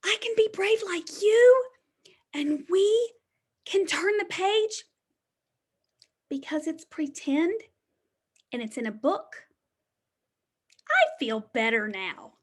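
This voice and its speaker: Woman, high voice, unhurried delivery, preschool teacher, picture-book read-aloud, sing-song, hushed whispered asides. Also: breathy edge. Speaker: preschool teacher reading to children. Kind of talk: reading a picture book aloud to young children.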